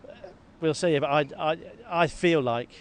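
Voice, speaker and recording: A man co-hosting a football podcast, talking in a lively, self-mocking way and often repeating words. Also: on the high side, moderate pace, smooth. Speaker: podcast co-host. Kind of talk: casual football chat. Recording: faint background noise.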